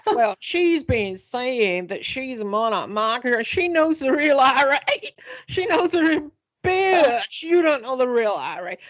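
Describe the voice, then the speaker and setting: A woman's voice: high voice, big pitch swings, measured pace, no room sound, muffled recording, voice pushed up. A woman putting on a mocking man with a Southern US drawl, in a gossipy, sneering manner. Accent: Southern US, put on.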